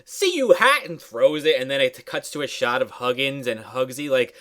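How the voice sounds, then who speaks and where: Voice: medium pitch, fairly even intonation, normal speed. A host recapping a movie casually, swearing and saying "like" a lot. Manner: loose, profane storytelling with many "like"s. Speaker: podcast co-host.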